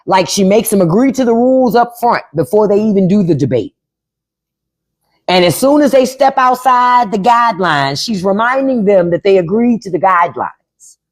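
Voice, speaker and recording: Blunt, lively-voiced woman livestreamer. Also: medium pitch, normal speed. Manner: blunt, profane, repeats herself for emphasis; reads out chat and spells names. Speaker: podcast host. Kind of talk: casual live-stream chat.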